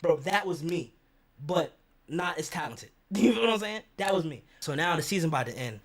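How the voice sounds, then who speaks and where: A young man with a fairly high voice tells a story from his own life to the camera. He talks in loose, profane slang and keeps slipping into the voices of the people he quotes. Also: expressive, normal speed. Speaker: vlogger.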